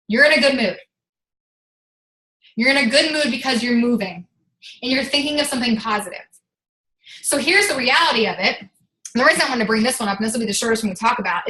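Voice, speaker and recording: Bright, chatty woman coaching her team. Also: on the high side, reverberant, poor audio. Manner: energetic and chatty, fillers of "like", casual swearing. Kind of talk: motivational team call.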